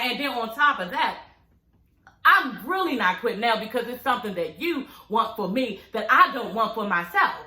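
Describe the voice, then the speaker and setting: A woman recapping a reality TV show in a sassy, profane, animated way, talking straight to her viewers. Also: fairly high pitch, normal speed, echoey room. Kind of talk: casual, profane recap chat.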